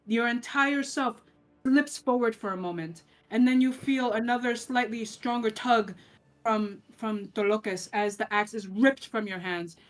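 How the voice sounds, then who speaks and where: A woman running a tabletop game as game master, narrating scenes in detail and often restarting her phrases. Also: medium pitch. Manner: descriptive, with frequent restarts.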